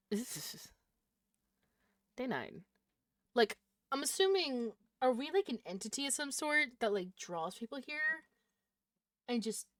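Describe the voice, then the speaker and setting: A woman streaming a horror game, reading its text aloud in a low voice and breaking into loud, startled swearing. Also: dry recording, studio quality. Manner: reads narration quietly, then reacts with loud startled swearing.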